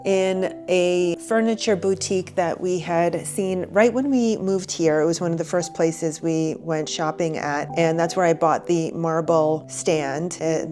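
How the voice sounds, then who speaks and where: Vlogger, woman, 40s, candid and heartfelt, voice on the low side, soft music behind. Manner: candid and emotional, talking to the viewer. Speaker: wellness vlogger. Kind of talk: reflective personal vlog. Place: small reading nook in a bedroom.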